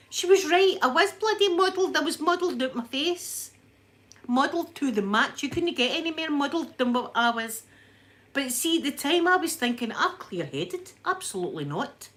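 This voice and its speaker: A woman with a Glaswegian accent chatting to live viewers in an animated way, a little breathless as she recovers from illness. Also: on the high side, slight background noise. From Scotland. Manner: chatty, animated storyteller, reads out chat names. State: a bit breathless after illness. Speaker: livestream host. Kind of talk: casual chat with live viewers.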